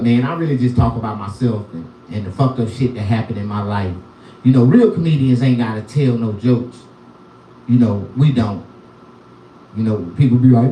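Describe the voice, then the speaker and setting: A man's voice: mid-range voice, a little hiss or hum. A middle-aged man doing stand-up comedy, telling profane, rambling stories about his life. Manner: profane, animated, repetitive storytelling. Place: live comedy venue. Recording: echoey room, from far off.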